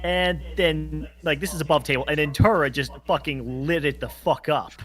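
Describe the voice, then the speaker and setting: Player, male, slightly high pitch, casual rambling defensive banter. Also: normal speed, fairly bright tone.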